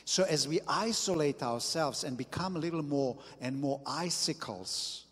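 A man preaching a sermon as pastor, slow and deliberate with emphatic bursts. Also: a little high, expressive, fairly bright tone, breathy edge, long reverb tail.

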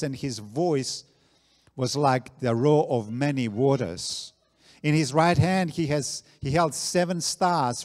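A man preaching a sermon, slow and deliberate, repeating key phrases for emphasis. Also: a little high. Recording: long reverb of a large hall.

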